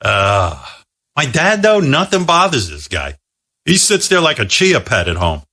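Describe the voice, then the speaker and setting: Rambling, bright-voiced radio host. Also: male voice, medium pitch, huge pitch swings, a little slow. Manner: rambling, self-deprecating, with many restarts. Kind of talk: casual talk-show storytelling.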